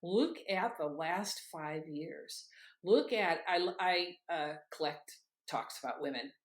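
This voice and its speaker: Animated, emphatic middle-aged woman. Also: fairly low pitch, slow. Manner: animated, emphatic, laughs while telling stories. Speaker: guest, author and former candidate. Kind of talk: conversational interview storytelling.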